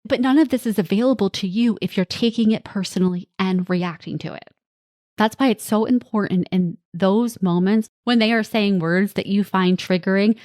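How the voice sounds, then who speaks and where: A woman talks as a parenting coach on her own podcast. Her voice sits in a middle range and comes across plain and direct. She reassures her listeners while acting out quick lines from kids and parents. The sound is dry and close, with no room around it. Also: mid-range voice, darkish tone, no echo. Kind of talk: solo podcast talk.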